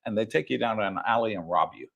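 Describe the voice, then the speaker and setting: A man's voice: fairly low pitch, fast talker, gravelly, a bit bright, breathy edge, highs cut off. An older man co-hosting a livestream, chatting casually with fillers and frequent laughs. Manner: laughs often, rambling with fillers. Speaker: livestream co-host. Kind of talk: casual chat. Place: home livestream.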